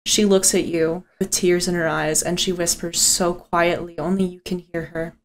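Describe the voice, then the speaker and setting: A woman game master narrating a tabletop game with intensity, swearing freely and dropping low for solemn moments. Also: level tone, moderate pace.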